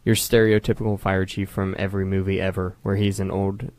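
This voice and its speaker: A man's voice: low voice, little pitch movement, brisk, darkish tone, no echo. A young man co-hosting a podcast from home, telling long rambling stories in casual chat. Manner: rambling storyteller. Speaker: podcast co-host.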